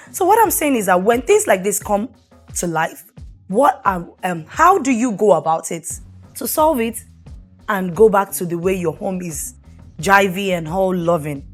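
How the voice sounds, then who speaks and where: A middle-aged woman, hosting a talk show and giving earnest, preachy marriage advice while putting questions to the listener. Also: medium pitch.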